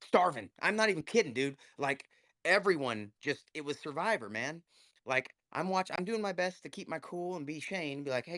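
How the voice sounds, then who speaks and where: A man's voice: on the high side, fairly bright tone, dry recording. A man telling a heated, profanity-laced story in casual live audio chat over an online call. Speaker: guest speaker.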